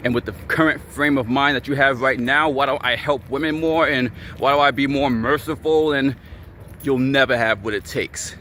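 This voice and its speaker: A man's voice: mid-range voice, moderate pace, pushed and bright, a little hiss or hum. A man hosting his own channel, ranting angrily at the camera, swearing and repeating himself. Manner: angry, repetitive and profane. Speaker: channel host.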